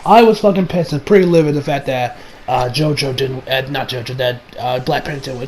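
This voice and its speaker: A man's voice: medium pitch, fairly quick, darkish tone, a little hiss or hum, poor audio. A man giving a casual, rambling video review of an anime, full of fillers, restarts and swearing.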